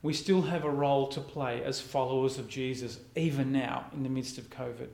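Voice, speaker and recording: A man's voice: mid-range voice, fairly even intonation, normal speed, gravelly, darkish tone, echoey room. A man, preaching a reflective, conversational sermon as a pastor.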